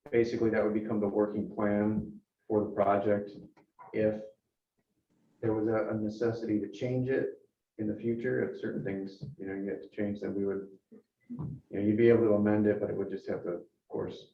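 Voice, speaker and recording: A man from the town planning staff explains procedure at a public meeting in a measured, even way. His fairly low voice is very flat in melody. He sits far from the microphone in a roomy chamber, with dull, muffled sound and a faint hiss. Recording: echoey room, distant mic, muffled, faint hiss.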